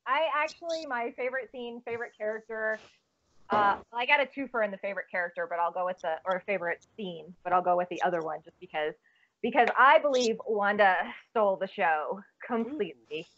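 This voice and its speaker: A woman's voice: mid-range voice, fairly quick, a bit bright. A woman co-hosting a podcast, chatting casually, rambling and restarting her sentences with giggles. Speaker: podcast co-host. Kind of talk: casual chat. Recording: dull lo-fi audio.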